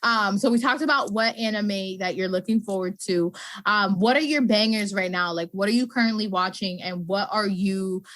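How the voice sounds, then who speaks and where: A woman's voice: mid-range voice, moderate pace, no echo. Chatty woman podcast host. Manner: chatty, animated, laughs often. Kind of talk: casual interview chat.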